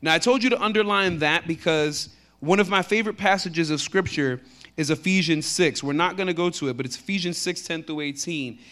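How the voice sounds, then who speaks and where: A man with a Texan accent preaching a sermon, reading scripture slowly and growing more forceful on his main points. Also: a little high. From Texas. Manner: conversational preaching that builds in force on key lines; slows down to read scripture aloud. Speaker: pastor.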